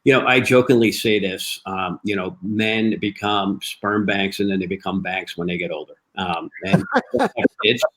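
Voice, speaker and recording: A man telling a story in a casual interview, lively, acting out the dialogue he quotes. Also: fairly low pitch, normal speed, rough recording. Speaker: cigar company guest. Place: live online show.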